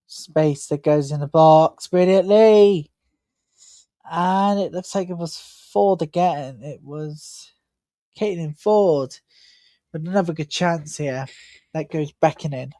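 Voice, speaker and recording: A woman hosting a live match watch-along talks in a slow, low, mellow voice. She sounds tired and yawning, rambling chattily between calls of the play, and the sound is close and dry. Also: no echo. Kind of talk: live match commentary and chat.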